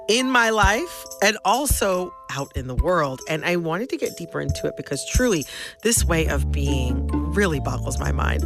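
A chatty woman host with a lowish voice, talking in a relaxed podcast conversation. She laughs easily and keeps things lively, with faint music behind her. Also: moderate pace. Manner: chatty, laughs often, animated. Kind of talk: casual chat.

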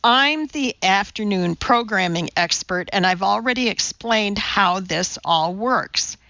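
A woman's voice: medium pitch, lively intonation, a little slow, gravelly, pushed and bright, no echo, lo-fi sound, full character voice. A woman voicing a harried, short-tempered male TV producer in an audiobook, speaking stiffly. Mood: lecturing. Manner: exasperated, stiff.

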